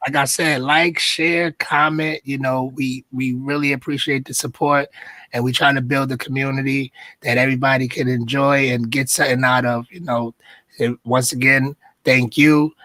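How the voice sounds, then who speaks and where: Laid-back co-host with a Brooklyn accent. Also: male voice, mid-range voice, little pitch movement, normal speed, bright, forceful tone, no room sound. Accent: Brooklyn New York. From Brooklyn, New York. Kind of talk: casual show chat.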